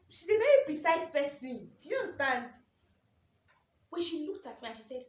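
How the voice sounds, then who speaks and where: A woman's voice: sits high, fast, roomy sound. A young Nigerian woman in her twenties telling an emotional personal story in a vlog, with lots of repetition. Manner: emotional, animated storytelling with repeated phrases. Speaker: vlogger.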